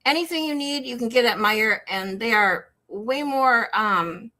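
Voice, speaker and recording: A woman with a Michigan accent, hosting a livestream and chatting casually with her viewers, animated and rambling, often incredulous. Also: a little high, normal speed. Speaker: livestream host. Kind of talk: casual chat with live chat. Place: home in Texas.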